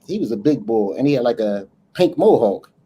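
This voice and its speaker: A man spins a story on a casual podcast, acting out each voice in a lively, profane way. His voice is husky and mellow, and his pitch rises and falls widely. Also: fairly quick. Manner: animated, profane, acts out dialogue. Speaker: podcast co-host.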